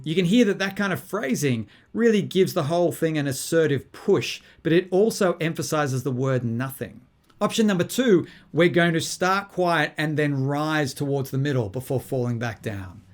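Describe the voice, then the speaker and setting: A man's voice: fairly high pitch, lively intonation, moderate pace. Methodical male guitar-teaching voice. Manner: clear, methodical explaining. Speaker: songwriting teacher. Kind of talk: instructional lesson with guitar demonstrations. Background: his own guitar playing.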